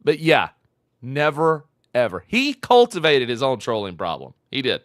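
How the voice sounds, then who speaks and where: A man's voice: mid-range voice, sing-song, measured pace, dry recording, studio quality. A man streaming a live reaction, mocking a clip with profane, repetitive commentary. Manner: mocking, profane, repeats phrases for emphasis.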